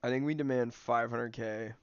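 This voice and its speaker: This is casual livestream commentary from a young man gaming and snacking, rambling with many fillers. His clear, resonant voice is medium-pitched with fairly even intonation at normal speed, in a dry, lo-fi recording.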